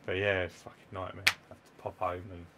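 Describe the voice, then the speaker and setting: Brief: male podcast co-host, very low voice, easygoing, casual swearing. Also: flat delivery, fast talker, heavy background noise. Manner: laid-back, swears casually. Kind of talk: casual chat.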